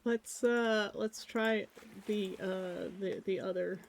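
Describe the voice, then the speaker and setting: Drawing on a live stream, someone with a middle-pitched voice talks slowly with fairly even intonation, and a little hiss or hum can be heard. Their casual chat wanders from thought to thought, distracted and gently self-mocking.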